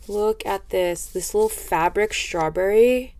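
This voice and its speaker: A woman's voice: medium pitch, unhurried, hardly any pauses, a little mellow, a little hiss or hum. A woman hosting a craft vlog, gushing and rambling as she unboxes a package of handmade gifts. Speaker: craft video host. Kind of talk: casual unboxing chat.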